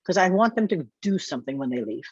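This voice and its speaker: An older woman hosting a podcast interview, reflective and quick to laugh. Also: low voice, big pitch swings, a little mellow, slightly rough, no room sound, dull audio. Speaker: podcast host. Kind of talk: conversational interview.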